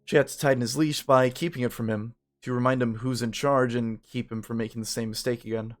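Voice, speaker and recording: A casual narrator reading a story game aloud in the first person. Their delivery is even and matter-of-fact, and they drop relaxed asides between passages. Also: medium pitch, fairly quick.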